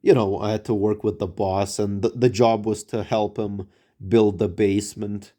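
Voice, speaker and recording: A man recounting a story casually for a vlog in a lowish voice. His tone is warm and mellow rather than bright. He rambles, restarts and fills pauses with filler words. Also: little pitch movement. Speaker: vlogger telling a story.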